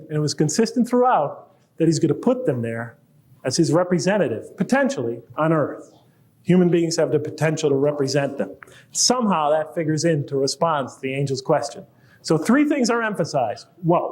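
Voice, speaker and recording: A middle-aged man speaks in a fairly high voice, giving a public lecture. He talks conversationally and jokes with the audience. He builds to animated emphasis on key points.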